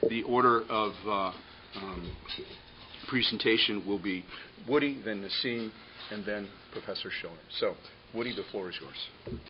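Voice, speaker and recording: A man moderating a panel before an audience, telling a joke and introducing speakers in a relaxed, halting way. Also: on the low side. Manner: relaxed, with frequent ums and restarts. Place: conference room with an audience. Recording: dull lo-fi audio with faint hiss.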